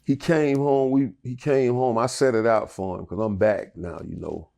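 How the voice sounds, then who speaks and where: A man's voice: medium pitch, fairly even intonation, normal speed, vocal fry, mellow. A middle-aged man telling his life story in an interview, profane and rambling with many restarts. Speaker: interview guest.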